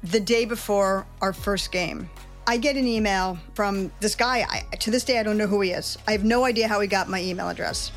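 A woman's voice: medium pitch, brisk, faint music behind. A middle-aged woman, a veteran sports reporter, telling candid stories from her career in an interview. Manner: candid, animated storytelling. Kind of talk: interview storytelling.

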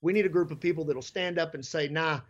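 A man's voice: fairly high pitch, fast talker, lo-fi sound. A man, a pastor, speaking as an interview guest in a fiery, sermon-like way.

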